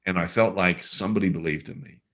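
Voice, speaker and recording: A man with a New Zealand accent, a guest telling a story from his life in a lively, casual way with everyday fillers. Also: low-pitched, quick pace. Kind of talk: conversational storytelling.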